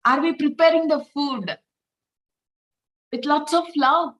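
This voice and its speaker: A woman, leading a spiritual reflection talk through gentle, repeated rhetorical questions. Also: high-pitched, takes it slowly, rough recording. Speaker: spiritual teacher.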